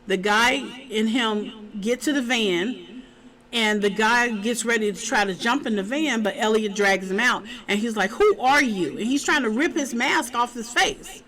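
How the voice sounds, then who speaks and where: A woman casually recapping a TV episode, chatty and animated, acting out the characters' lines as she retells the scenes. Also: on the high side, normal speed, rough recording. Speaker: TV show reviewer.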